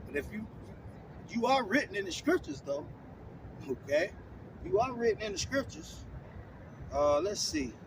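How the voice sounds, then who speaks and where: High-voiced scolding street preacher. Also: male voice, very animated, a little slow, long pauses. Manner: repeats "man" and "all right?" after nearly every phrase; scolding, blunt, profane street talk. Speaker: street preacher teaching scripture. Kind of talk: confrontational online sermon. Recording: distant mic with clear outdoor traffic noise.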